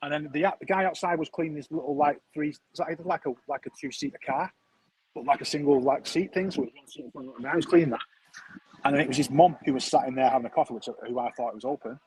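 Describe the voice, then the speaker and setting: A man's voice: on the high side, fast talker, darkish tone, slight background noise, low-quality recording. A man, telling a rambling, chatty story full of slang as a streamer. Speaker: football streamer. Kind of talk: casual storytelling chat.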